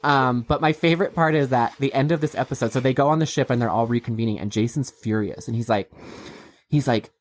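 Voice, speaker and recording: A woman's voice: extremely low pitch, quick pace, no echo. A woman co-hosting a podcast, recapping a TV show in casual, laughing chat and acting out quotes. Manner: chatty, laughing, acts out quotes. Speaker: podcast co-host.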